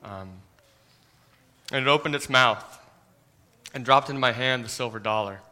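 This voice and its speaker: A man preaching a sermon in an earnest manner, often dropping to a soft hush and repeating words as he starts phrases. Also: medium pitch, moderate pace. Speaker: pastor.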